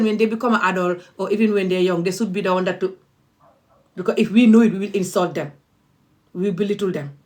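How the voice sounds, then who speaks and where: A woman's voice: medium pitch, darkish tone. A woman, speaking as an activist vlogger in an impassioned, emphatic and repetitive monologue.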